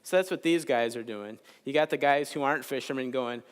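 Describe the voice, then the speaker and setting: A man giving a chapel sermon in a relaxed, conversational way, telling a Bible story with jokes. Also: medium pitch, fast talker, few pauses, clear, resonant tone. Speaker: chapel speaker. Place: large chapel. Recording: long hall reverb in a chapel.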